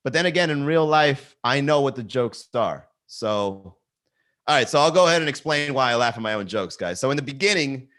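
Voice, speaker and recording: A man's voice: medium pitch, lively intonation, a little fast, a bit bright. A male comedian hosting a casual livestream from his garage, riffing at a camera and laughing at his own jokes. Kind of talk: casual solo livestream chat. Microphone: talking to a camera.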